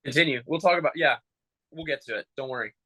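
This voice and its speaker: A man who performs as a mascot, telling animated, joking stories in a casual interview. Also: a little high, fast, no echo, rough recording.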